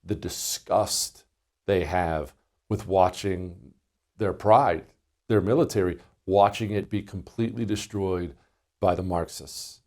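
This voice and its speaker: A man's voice: sits low, steady tone, slow, a little mellow. A middle-aged man hosting a political talk show, speaking in an emphatic, indignant commentary monologue. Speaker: radio show host.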